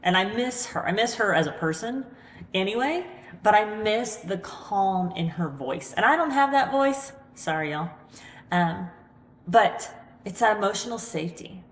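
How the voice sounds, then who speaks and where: A woman hosting a podcast, talking earnestly and a little ramblingly about staying calm in a crisis, recorded in her living room. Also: mid-range voice, a little slow. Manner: earnest, rambling, self-deprecating. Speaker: podcast host. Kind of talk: reflective motivational talk. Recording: echoey room with long reverb.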